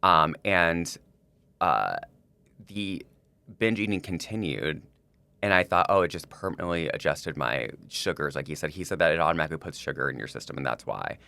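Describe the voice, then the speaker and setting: A man's voice: rumbling low, animated, normal speed, creaky, sharp tone, clean tone, no echo. A man on a podcast, telling a personal story in casual chat, rambling with lots of likes and restarts. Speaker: podcast co-host.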